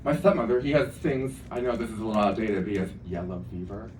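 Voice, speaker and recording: Talking fast in a lowish voice, a stand-up comedian works a club with campy, self-deprecating chatter and lots of asides. The sound is echoey and distant-miked, and audience noise and laughter fill the background.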